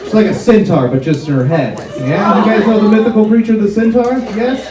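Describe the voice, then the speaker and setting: A man's voice: high voice, brisk. A young man doing a self-deprecating stand-up set, bantering awkwardly with a college audience. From United States. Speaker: stand-up comedian. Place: college auditorium before a live audience. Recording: far, echoey hall with loud noise.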